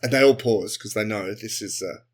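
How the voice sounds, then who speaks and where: A man co-hosting a comedy podcast, improvising a sci-fi story and jumping into quick character voices. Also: on the low side. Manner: animated, acts out characters in quick bursts. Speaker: podcast co-host.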